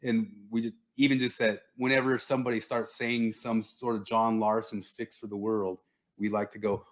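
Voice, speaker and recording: A man's voice: fairly low pitch, little pitch movement, moderate pace. A man telling loose stories in a casual podcast chat, laughing often. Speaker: podcast panelist.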